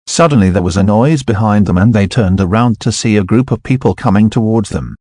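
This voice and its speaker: Low-voiced male audiobook narrator. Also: fairly quick, dark tone, no room sound, studio quality.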